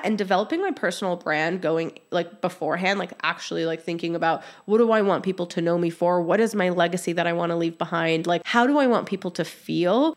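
Chatty woman podcaster, filler-heavy. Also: on the low side. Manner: chatty, many "like" fillers, acts out quoted voices. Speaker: podcast host. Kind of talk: casual solo podcast talk.

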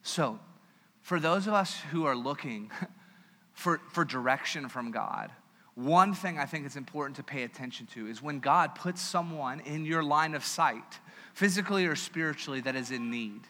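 Pastor, male, conversational and joking sermon; high, bright voice; church hall reverb. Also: lively intonation, moderate pace.

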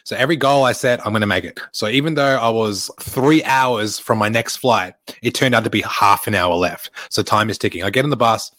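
A man's voice: on the low side, brisk, hardly any pauses, a bit bright, dry recording. A young man hosting his own podcast, rambling and swearing with lots of filler words while recording at an airport. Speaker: podcast host and online fitness coach. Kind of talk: casual solo podcast monologue.

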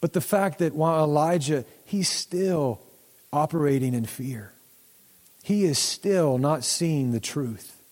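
A man's voice: on the high side, takes it slowly, a little mellow. A man pastor giving a sermon in a conversational way and acting out the voices of the Bible figures. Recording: long hall reverb.

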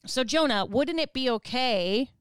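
A woman in her thirties teaching from the Bible in a relaxed, chatty way, laughing often as she acts out other voices. Her voice is smooth and fairly high. The sound is close and dry. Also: measured pace, no room sound. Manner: animated, laughing, acts out voices of kids and God. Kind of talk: casual Bible study teaching. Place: US Midwest.

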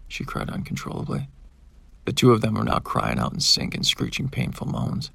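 A man with a gravelly, husky voice reads a first-person audiobook. His pitch moves a lot as he acts out each character, and the sound is dry and close to the mic. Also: huge pitch swings, normal speed, no room sound. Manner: dramatic, shouting in the characters' outbursts. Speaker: audiobook narrator.

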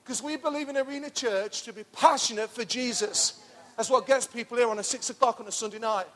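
A middle-aged pastor preaching an enthusiastic, pumped-up sermon in a church hall. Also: male voice, very high voice, brisk, a bit bright.

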